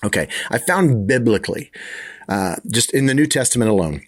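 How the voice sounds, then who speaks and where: A man's voice: medium pitch, lively intonation, fairly quick. A man preaching a conversational sermon, often restarting and repeating words as he explains. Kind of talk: sermon teaching.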